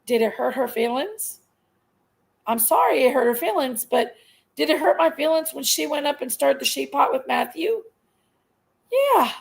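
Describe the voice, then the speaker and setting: Middle-aged woman, high and gravelly, emphatic aggrieved live-stream rant. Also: moderate pace, poor audio. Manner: aggrieved, emphatic venting, repeats herself. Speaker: livestream host.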